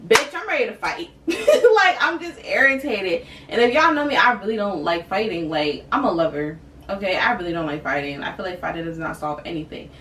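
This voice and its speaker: A young woman vlogger telling a personal story in casual, animated, slang-heavy chat, talking to her viewers. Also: medium pitch, fairly quick, distant mic. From Boston area. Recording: roomy, from off the mic, faint hiss.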